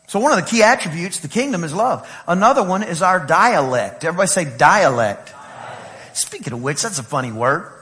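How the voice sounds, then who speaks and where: A man from East Texas with an East Texas accent, preaching a lively sermon and telling playful stories to his congregation. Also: high voice, a little fast. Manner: animated, playful storytelling with laughs and shouts. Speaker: pastor.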